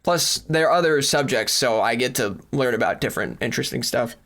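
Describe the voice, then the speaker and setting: A young man co-hosting a podcast rants in exasperation, swearing heavily as he complains during casual chat. His voice is medium-pitched, brisk and fairly bright, with lively intonation. Soft music plays in the background, and at times he is far from the mic.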